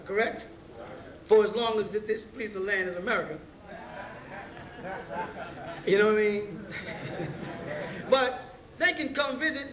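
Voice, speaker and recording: High-voiced man lecturing from afar. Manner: conversational, keeps checking in with rhetorical questions; blunt street slang and profanity. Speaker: teacher leading a class. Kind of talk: informal classroom lecture. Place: class meeting room. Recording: roomy, distant 1990s class recording.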